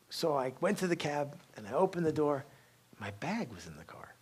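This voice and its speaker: A man giving a university talk, telling stories lively with frequent asides, restarts and "okay?" check-ins to the audience. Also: on the high side, moderate pace, breathy edge. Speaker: guest speaker. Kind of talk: university lecture.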